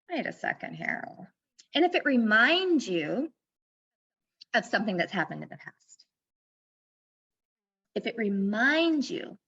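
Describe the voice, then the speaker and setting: A woman life coach being interviewed on a podcast, explaining things earnestly and mixing advice with personal stories. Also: on the high side. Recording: dull lo-fi sound.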